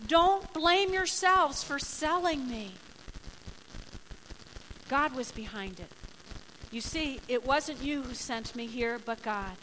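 Woman playing forgiving biblical brother, earnest, slow and emphatic, high bright tone. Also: animated, big-room sound, slight background noise, exaggerated voice, poor audio. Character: forgiving biblical man revealing himself to brothers.

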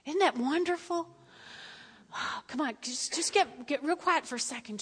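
A woman pastor delivers a sermon in a high, bright voice. She talks conversationally and repeats herself, moving between loud emphasis and hushed asides. The sound carries a long hall reverb. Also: normal speed.

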